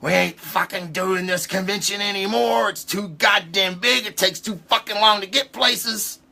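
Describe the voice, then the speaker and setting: A gruff, impatient middle-aged writer, recounted by a man in his own voice, snaps out blunt, cursing complaints. The voice sits a little high with a bright, forceful edge. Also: moderate pace, full character voice. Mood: grumbling.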